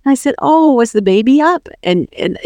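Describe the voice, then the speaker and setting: A middle-aged woman guest telling a personal faith story in an animated way, acting out the quoted voices. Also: high-pitched, moderate pace, no echo, highs cut off. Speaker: podcast guest.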